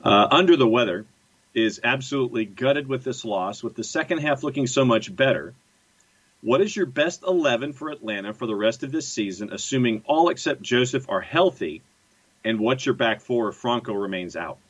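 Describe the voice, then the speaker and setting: A man's voice: mid-range voice, lively intonation, moderate pace, slightly rough, lo-fi sound. A man co-hosting a sports podcast, reading listener comments and replying tersely in a laid-back way. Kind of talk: casual sports chat.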